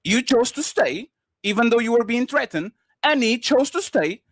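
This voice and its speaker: A man's voice: very high-pitched, expressive, normal speed, no echo. A man arguing against his opponent in a debate, combative and informal. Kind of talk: debate argument.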